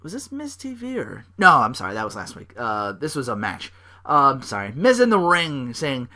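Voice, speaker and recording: A young man hosting a podcast, recapping wrestling in a rambling, casual way, swearing freely and acting out wrestlers' lines in loud bursts. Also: medium pitch, huge pitch swings, moderate pace. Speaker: podcast host.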